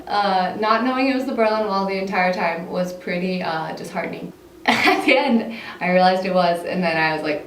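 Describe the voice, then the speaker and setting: A woman's voice: lowish voice, moderate pace. A young American woman telling a casual storytime, chatty and filling her talk with "like," often laughing between phrases. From United States. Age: young adult. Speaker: vlogger. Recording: echoey room, mic set far off, faint hiss.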